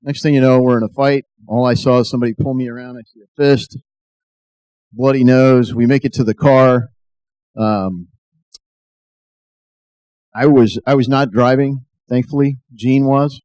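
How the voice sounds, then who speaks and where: A man's voice: mid-range voice, fairly even intonation, moderate pace, pauses often, darkish tone, no echo. Earnest man giving a testimony speech. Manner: earnest, builds to emphatic exhortation. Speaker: speaker.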